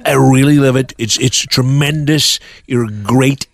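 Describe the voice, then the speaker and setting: A man's voice: medium pitch, fairly even intonation, unhurried, creaky, dry recording, clean studio sound, pitched above the performer's own voice. A man impersonating a boastful older politician who talks in repetitive superlatives. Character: boastful American male politician, older, self-praising.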